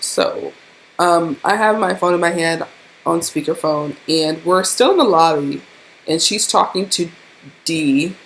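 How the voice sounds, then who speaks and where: A woman's voice: mid-range voice, a little hiss or hum. A young woman vlogger animatedly telling a profane storytime tale to her camera. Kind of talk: storytime vlog.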